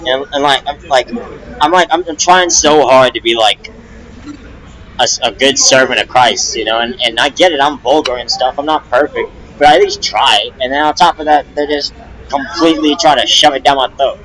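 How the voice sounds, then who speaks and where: A man's voice: medium pitch, moderate pace, a bit bright, rough recording. Agitated young man venting, rambling. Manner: agitated, rambling with constant restarts and profanity. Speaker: rapper and streamer. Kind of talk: casual live-stream venting.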